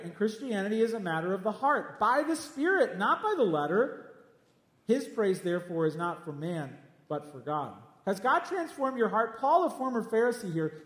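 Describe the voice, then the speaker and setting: A man preaching a sermon as a pastor, emphatic and direct, repeating his points at his listeners. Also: high voice. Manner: emphatic, repeats lines, speaks straight at listeners. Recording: echoey hall with long reverb.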